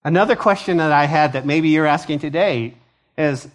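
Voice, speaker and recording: A man preaching a conversational sermon as pastor of a church, acting out quoted voices with lively energy. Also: a little high, a little fast. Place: church sanctuary.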